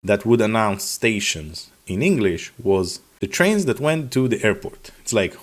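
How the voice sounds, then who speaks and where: A man's voice: lowish voice, unhurried, few pauses. Sarcastic man vlogging about expat life. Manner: sarcastic, animated, acts out officials in quotes. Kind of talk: casual talk to camera.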